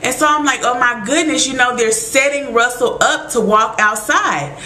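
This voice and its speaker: Woman, casual episode recap, animated and exclaiming, bright voice, echoey room. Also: on the high side, normal speed. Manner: animated, exclaiming, acts out her reactions.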